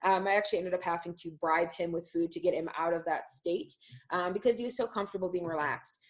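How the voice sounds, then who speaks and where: A woman's voice: lowish voice, fast, low-quality recording. A woman dog trainer explaining a method in a live online class, talking loosely with many fillers.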